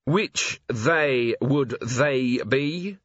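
A man voicing a bitter, gruff middle-aged watch commander who speaks curtly. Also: medium pitch, extremely slow, a bit bright, no echo, highs cut off. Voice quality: bitter, curt.

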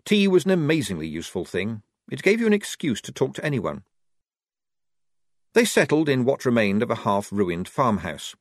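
Male narrator, wry and expressive, lively pitch, dry close recording. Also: normal speed, no echo. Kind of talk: audiobook narration.

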